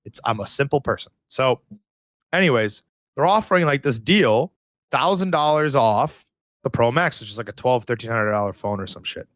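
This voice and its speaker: A man co-hosting a podcast, chatting casually and telling stories in an animated way, swearing freely. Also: mid-range voice, normal speed, no room sound, clean studio sound. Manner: profane, animated storytelling. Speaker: podcast co-host. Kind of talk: casual chat.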